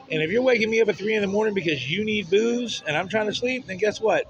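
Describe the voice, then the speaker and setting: A man's voice: high-pitched, lively intonation, fast, few pauses, a little hiss or hum, low-quality recording. A man ranting bluntly and profanely in a rambling personal vent to camera. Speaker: vlogger.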